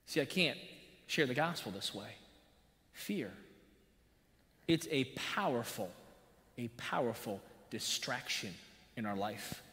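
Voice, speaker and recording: A man preaching a sermon as pastor, telling a personal story in an animated way with buzzing sound effects. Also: medium pitch, measured pace. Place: church sanctuary. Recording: long church-hall reverb.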